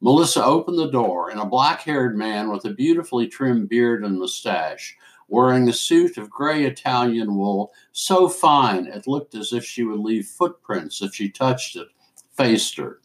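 A man reads a story aloud at an unhurried pace. His voice sits in a middle pitch, and he reads deliberately. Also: expressive. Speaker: host and story reader.

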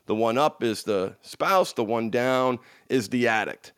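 A man coaching an audience in a motivational talk, emphatic and repetitive, swinging from loud bursts to hushed lines, with frank, salty language. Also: medium pitch, a little slow, clean tone, no echo, studio quality. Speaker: addiction recovery coach.

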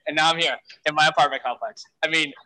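A man's voice: a little high, fairly even intonation, fast talker, pushed and bright, poor audio. A man telling a frantic story in a casual way, full of fillers and swearing. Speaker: guest storyteller.

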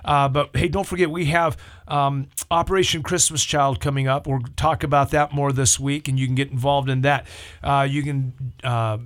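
A man's voice: mid-range voice, level tone, moderate pace. A man, a pastor, hosting a church call-in radio show in a talkative, upbeat way and leading prayer. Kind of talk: casual radio chat.

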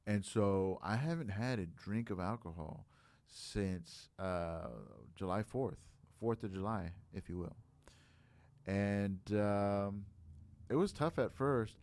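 Man in his late 30s, podcast host, low voice, dry close sound, rambling casual chat. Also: normal speed, a little mellow, clean tone, no room sound. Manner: rambling, reflective, heavy on filler phrases.

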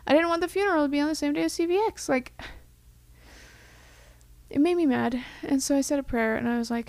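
A woman's voice: high voice, brisk, pauses often, darkish tone, no room sound. A young woman co-hosting a casual chat, speaking heartfelt and reflective, sometimes dropping to a whisper. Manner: heartfelt, reflective, drops to a whisper for quoted thoughts.

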